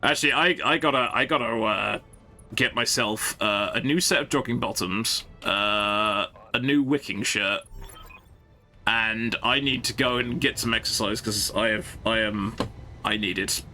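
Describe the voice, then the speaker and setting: A man's voice: fairly low pitch, unhurried, pushed and bright, soft background music. A man giving casual, jokey live-stream commentary while playing a strategy game, often stumbling and restarting his sentences.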